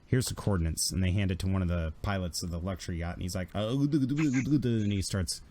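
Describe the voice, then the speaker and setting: A man narrating a tabletop game as game master in a casual, animated storytelling way. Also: sits low, fairly quick.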